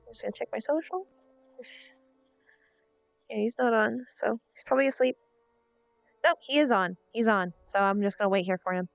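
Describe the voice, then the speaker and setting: Gravelly woman streamer thinking aloud. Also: medium pitch, brisk, long pauses, dry recording. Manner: thinks aloud while waiting, chatty self-narration. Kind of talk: casual live-stream chatter. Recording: dull lo-fi stream audio with faint music.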